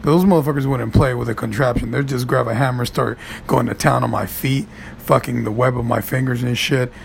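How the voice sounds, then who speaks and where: Gravelly man in a profane rant. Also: brisk, slight background noise. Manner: animated, profane, swings from mutters to high shouts. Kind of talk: profane stand-up style rant.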